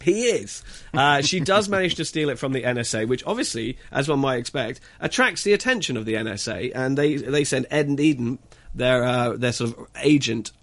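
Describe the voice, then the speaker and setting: A man reviewing a film in casual radio chat, halting and stumbling as he searches for words. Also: medium pitch, expressive, fairly bright tone. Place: radio studio.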